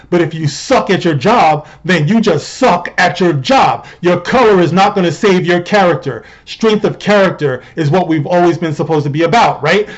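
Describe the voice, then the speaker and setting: A man with a fairly high-pitched voice delivers opinionated commentary as the host of his own show. He talks conversationally and rhetorically, checking in with the listener. The sound is dull and lo-fi. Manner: conversational, rhetorical, often asks "you know what I mean".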